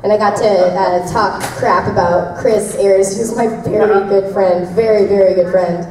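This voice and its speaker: A voice actress telling convention fans behind-the-scenes stories in a giggly, rambling way. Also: female voice, mid-range voice, fairly even intonation, a little slow, a crowd in the background. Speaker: voice actress answering fan questions. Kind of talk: casual convention Q&A. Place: convention panel room. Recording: echoey room from far off, faint noise.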